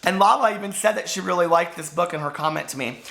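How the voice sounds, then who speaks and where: A man chatting to camera as a book vlogger, gushing and full of fillers, hoarse from losing his voice. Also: high-pitched, fast talker, fairly bright tone. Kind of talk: casual chat to camera.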